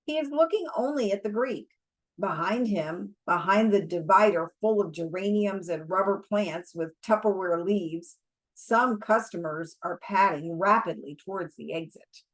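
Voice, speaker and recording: A woman reads a novel aloud in a measured, deliberate manner. Her pace is unhurried, and her pitch sits in a middle range. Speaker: audiobook reader.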